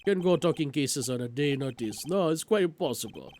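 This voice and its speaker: A man's voice: a little high, animated, a little fast, darkish tone, a little hiss or hum, lightly acted. A man voicing a pompous, blustering older male lawyer from a video game, with a grandiose, theatrical delivery.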